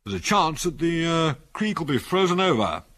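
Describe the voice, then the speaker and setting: A man doing a practical bush pilot in a storybook, his hesitant lines broken by fillers. The voice is raised slightly above the reader's own, with an animated pitch. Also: normal speed. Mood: uneasy. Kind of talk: audiobook character voice.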